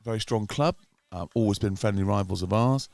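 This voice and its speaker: A man's voice: fairly low pitch, fairly quick, gravelly, dry recording. A man doing chatty live commentary on a club cricket match, teasing his co-commentator. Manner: chatty, teasing, gets excited at wickets.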